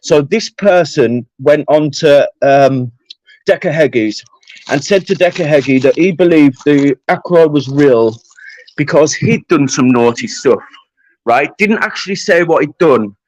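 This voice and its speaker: A man's voice: a little high, unhurried, a little mellow, highs cut off. A British man ranting on a livestream, confrontational and swearing heavily. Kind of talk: angry livestream rant.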